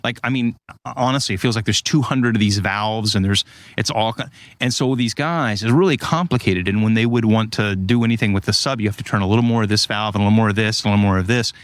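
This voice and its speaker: A man in casual conversation, explaining ideas through lively stories and acted-out quotes. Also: fairly low pitch, fast talker, dry recording. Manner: animated storyteller, acts out quotes.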